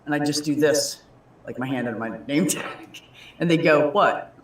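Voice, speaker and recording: Animated man telling stories, echoey room. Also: a little high, moderate pace, far from the mic. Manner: animated storyteller, swears freely, acts out quoted voices. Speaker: guest. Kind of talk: casual chat.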